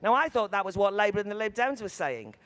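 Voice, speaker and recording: A woman's voice: mid-range voice, big pitch swings, quick pace, a bit bright. A woman delivering an impassioned, emphatic speech on a conference panel. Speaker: panel speaker. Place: conference venue.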